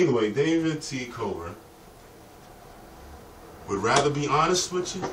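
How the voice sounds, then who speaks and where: Speaking a little slowly in a mid-range voice with big pitch swings, a vlogger delivers a rambling, profane, streetwise monologue. The distant mic picks up roomy echo and faint ambient noise.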